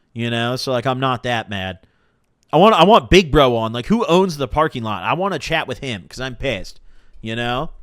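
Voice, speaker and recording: A man's voice: on the high side, dry recording, studio quality. A young man hosting a podcast live stream, telling stories in a casual, profane, slang-heavy way. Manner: profane, animated storytelling with slang. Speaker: podcast host.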